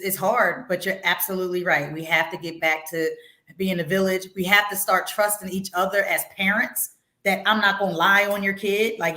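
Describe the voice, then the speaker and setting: A woman's voice: mid-range voice, pushed and bright, reverberant. A woman hosting a casual talk show, outspoken, swearing freely and laughing often. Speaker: podcast host. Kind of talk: casual chat.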